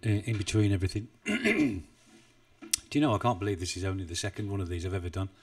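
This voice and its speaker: A man's voice: on the low side, expressive, quick pace, recorded from a distance. A man chatting casually on a trading live stream, rambling and self-deprecating, with frequent chuckles. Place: home desk in the UK. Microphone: desk mic, not well placed.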